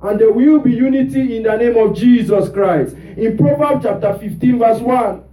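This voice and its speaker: A man's voice: very high voice, normal speed, dark tone, recorded from a distance. A male pastor preaching a sermon in a church, prompting the congregation with rhetorical "what?" questions. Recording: roomy church sound from off mic.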